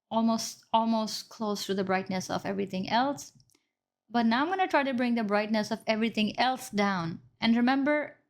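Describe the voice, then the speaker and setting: A woman teaching color grading step by step in a screen-recorded tutorial, correcting her own slips along the way. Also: a little high. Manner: explains step by step, apologizes for slips. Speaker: video editing instructor.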